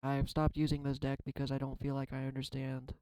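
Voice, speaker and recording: Guy doing a card reading vlog, kinda flat and mellow, rambly and emotional, dry close sound. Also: mid-range voice, a little fast, dry recording, low-quality recording. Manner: reflective, rambling, swears casually. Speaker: tarot card reader. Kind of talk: casual spiritual vlog.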